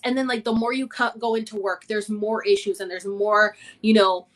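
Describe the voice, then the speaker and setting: Casual live host, woman, thirties, vivid storyteller, bright tone. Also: fairly high pitch, normal speed, hardly any pauses. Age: 30s. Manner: animated storytelling, acts out inner voices.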